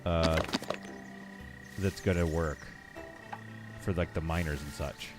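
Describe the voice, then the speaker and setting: A man's voice: extremely low pitch, fairly even intonation, slow. A man casually thinking aloud and bantering with his chat while he plays a building game on a live stream. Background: background game music.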